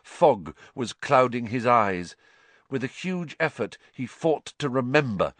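A man reads a storybook aloud at an unhurried pace. His pitch rises and falls with lively drama. The recording is dry and close. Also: no room sound. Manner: measured and dramatic. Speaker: audiobook narrator. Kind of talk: scripted storybook narration.

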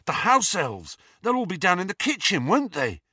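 A man's voice: sits high, huge pitch swings, normal speed, pushed and bright, breathy edge, no room sound, clean studio sound, pitched above the performer's own voice, full character voice. A man voicing a blunt, earnest teenage wizard in an audiobook. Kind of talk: audiobook character voice.

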